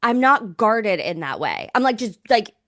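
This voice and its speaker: A woman's voice: medium pitch, very animated, a little slow, fairly bright tone, no echo. A young woman co-hosts a casual podcast in a mid-range voice. She talks frankly, swears lightly and says "like" all the time. Her voice sounds close and dry, with no room around it. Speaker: podcast co-host. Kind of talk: casual chat.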